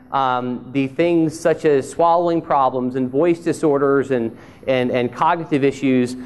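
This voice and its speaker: A man's voice: medium pitch, darkish tone. A man who is a speech-language pathologist, giving a conference presentation in a conversational, self-deprecating storytelling manner. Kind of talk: conference presentation with humorous anecdote. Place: conference hall.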